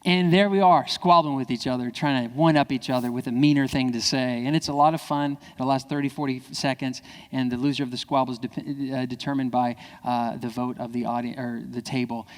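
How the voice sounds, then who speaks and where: A man giving an animated, playful keynote talk, acting out family dialogue in other voices. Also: a little fast, hardly any pauses. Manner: playful, jumps into high voices when quoting kids. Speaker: keynote speaker. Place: civic center hall. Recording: long reverb of a large hall.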